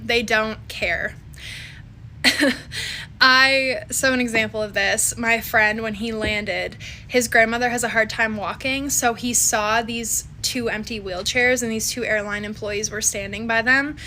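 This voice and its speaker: A woman's voice: on the high side, sharp tone, a little hiss or hum. A young woman from Canada, chatting to camera as a vlogger in a casual, exasperated way. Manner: chatty and exasperated, with mocking quoted voices. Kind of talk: casual talking-to-camera commentary.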